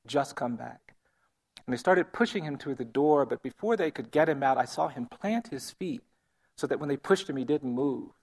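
A man telling a personal story in an earnest, measured, often quiet way. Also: a little high, expressive. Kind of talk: storytelling talk.

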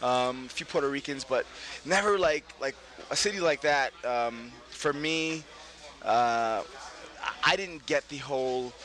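Bright-voiced man telling animated stories. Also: unhurried. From Brooklyn, New York. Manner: animated, laughing, voices quotes with big pitch jumps. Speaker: actor, guest. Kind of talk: casual storytelling interview.

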